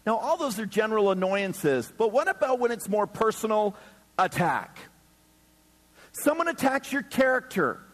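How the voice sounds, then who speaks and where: A pastor with a high-sitting male voice preaches at a normal speed to a few hundred people in a church hall, where a long reverb tail trails his words. He's animated and joking, acting out the people who appear in his stories.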